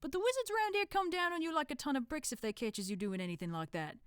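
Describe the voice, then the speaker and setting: A woman's voice: high-pitched, lively intonation, fast, dry recording, clean studio sound, voice pushed up. A woman reading a storybook, voicing a shady male Cockney thief who grumbles in slang. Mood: scheming. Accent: Cockney put-on.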